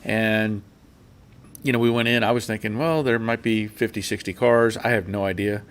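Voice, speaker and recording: A man with a somewhat low voice hosts a casual live stream. He rambles through his stories with fillers and restarts, then reads viewers' comments aloud. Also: fairly even intonation, normal speed, smooth.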